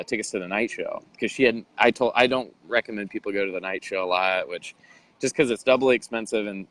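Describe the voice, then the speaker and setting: Lower-voiced man telling a story animatedly. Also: poor audio. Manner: animated, acts out quoted voices. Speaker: interview guest, bodybuilder. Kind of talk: casual storytelling interview.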